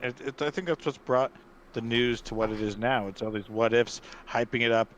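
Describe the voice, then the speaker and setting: A man's voice: mid-range voice, fairly quick, fairly bright tone, slight background noise. Blunt, sarcastic male co-host. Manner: blunt, sarcastic, swears freely. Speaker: stream co-host. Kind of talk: profane casual chat.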